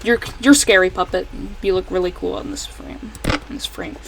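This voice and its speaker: A woman giving casual, rambling commentary while playing a fan game she made, correcting herself often and breaking into excited outbursts at the characters. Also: medium pitch, moderate pace, creaky, slight background noise, poor audio. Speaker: fan game creator playing her own game.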